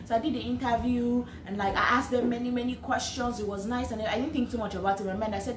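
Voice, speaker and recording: A woman's voice: on the high side, fast talker, hardly any pauses, background noise. A young woman with a Nigerian accent telling a personal story in a chatty, earnest way, often repeating and restarting phrases. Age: young adult. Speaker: vlogger. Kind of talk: personal storytelling with faith reflection. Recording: echoey room with faint ambience.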